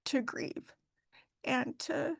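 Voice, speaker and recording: A middle-aged woman, a funeral director, talking heartfelt about her work and faith with many pauses and fillers. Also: sits high, vocal fry, dry recording, in a whisper. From Idaho. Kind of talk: emotional interview talk.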